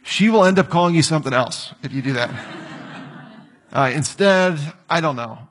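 Lively, joking male preacher. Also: a little high, measured pace. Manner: lively, joking asides and quoted scripture. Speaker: pastor. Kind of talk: sermon.

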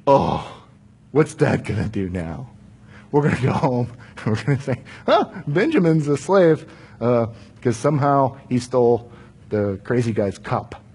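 A man's voice: mid-range voice, very animated, unhurried, darkish tone, husky, exaggerated voice. A man voicing a group of frightened grown brothers who protest anxiously in a Bible story retelling. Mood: dismayed. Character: group of panicked adult brothers.

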